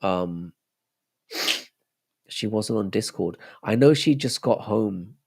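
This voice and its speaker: Man, young, stream host, deep-ish gravelly voice, laid-back, reads and answers chat. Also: expressive, slow pace, darkish tone. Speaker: livestream host. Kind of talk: casual live-stream chat.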